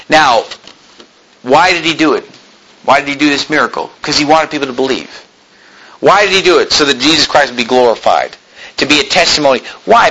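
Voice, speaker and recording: A male preacher giving an animated sermon, reading scripture and acting out scenes with sudden shouts. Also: fairly high pitch, slight background noise, low-quality recording.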